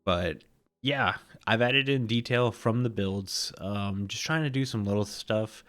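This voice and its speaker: A man with a groggy morning voice, hosting a relaxed, rambling Minecraft let's play commentary and laughing often. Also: lowish voice, unhurried. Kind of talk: casual gameplay commentary.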